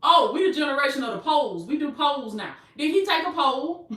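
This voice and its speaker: A woman preaches in a high, bright voice, driving her points home with repeated phrases and calls of baby. She sits back from the mic, and the room gives her voice a noticeable echo. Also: expressive, brisk, far from the mic. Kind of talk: preaching motivational sermon.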